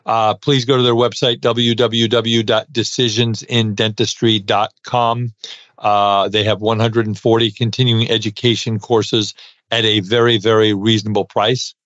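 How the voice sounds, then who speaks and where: A middle-aged New Yorker with a lowish, fairly flat voice hosts a podcast at a moderate pace. He's a dental CPA who chats casually, using many "uh" fillers and offering warm thank-yous, on a dry, dull-sounding recording.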